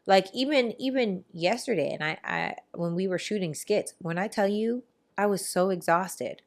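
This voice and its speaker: A woman hosting a podcast in casual chat, telling stories in an animated, rambling way with quick asides. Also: mid-range voice. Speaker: podcast host.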